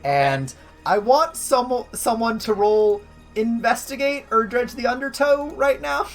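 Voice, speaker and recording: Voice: medium pitch, a little slow. Rambling game master, music under. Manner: rambling, filler-heavy. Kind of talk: narrating a tabletop game.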